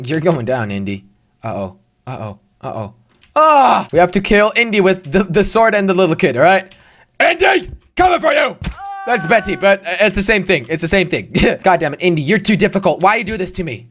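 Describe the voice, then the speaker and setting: A young man hosting a gaming channel gives excitable let's-play commentary in a high, brisk voice. He talks to himself and shouts and swears at the game.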